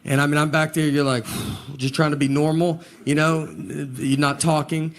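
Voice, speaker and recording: A man, telling stand-up stories in a drawling, deadpan way before a laughing audience. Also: on the high side, moderate pace. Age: 40s. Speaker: stand-up comedian. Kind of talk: stand-up comedy set. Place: live venue with laughing audience.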